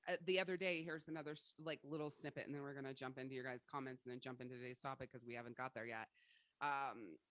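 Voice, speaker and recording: A woman life coach hosting a livestream, telling personal stories in a blunt, profane, forceful way. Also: low voice, no echo. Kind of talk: candid motivational livestream talk.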